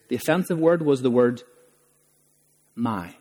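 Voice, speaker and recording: A man's voice: medium pitch, very animated, unhurried, long pauses, husky. A man preaching a sermon as a pastor, emphatic and full of rhetorical questions. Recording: long reverb of a large hall.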